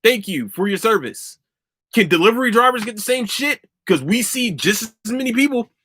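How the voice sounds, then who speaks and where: A man's voice: high voice, expressive, normal speed, sharp tone, husky. Profane ranting podcast man. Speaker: podcast host. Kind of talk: casual solo podcast rant.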